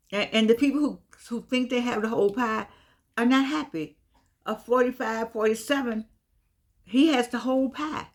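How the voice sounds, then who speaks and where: A woman whose voice sits a little high talks through a casual vlog monologue. She is chatty and drifts from point to point, often doubling back to repeat things. Missing teeth give some of her words a slight slur.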